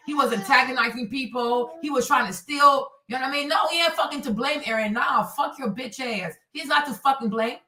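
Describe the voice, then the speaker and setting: High, bright woman ranting angrily. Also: far from the mic. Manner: angry, profane, repetitive ranting. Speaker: livestream host. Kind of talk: heated livestream rant answering chat. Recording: echoey room, voice off-mic.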